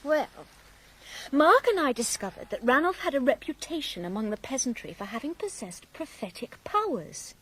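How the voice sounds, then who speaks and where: A woman's voice: high-pitched, very animated, moderate pace, a bit bright, husky, heavily acted, rough recording. An actress playing a playful, teasing young woman from an old family in a radio drama, telling a yarn. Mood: storytelling. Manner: teasing, lilting, storytelling. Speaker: Miss Raven.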